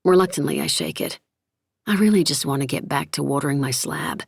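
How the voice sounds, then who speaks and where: A woman narrating a novel in the first person, measured and reflective, recorded close in a studio. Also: low voice, big pitch swings, creaky, slightly rough, no echo. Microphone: close studio mic.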